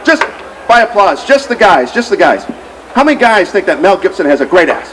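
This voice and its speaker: A man's voice: high-pitched, very animated, fairly quick, fairly bright tone. A man in his thirties doing a rambling, self-mocking stand-up set and emceeing from an outdoor stage. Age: 30s. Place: outdoor street fair stage. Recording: noisy outdoor crowd recording. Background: crowd noise.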